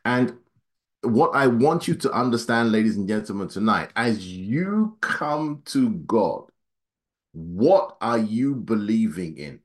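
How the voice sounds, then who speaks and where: A man preaching a sermon, his voice climbing for emphasis and then dropping low and quiet, reading scripture at a quick clip. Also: big pitch swings. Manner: dynamic preaching, voice rising high then dropping low and soft.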